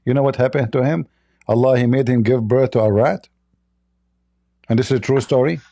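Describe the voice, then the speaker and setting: Hosting a live call-in religious debate stream, a man mocks and combats his callers, laughing at them. He speaks briskly in a mid-range voice with a dark tone.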